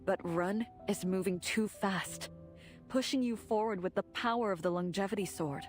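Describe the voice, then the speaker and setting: A woman voicing a stern female sect grandmaster in a game, speaking in a measured, grave way. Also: mid-range voice, faint music behind, natural voice. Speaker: game character. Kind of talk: game voice acting.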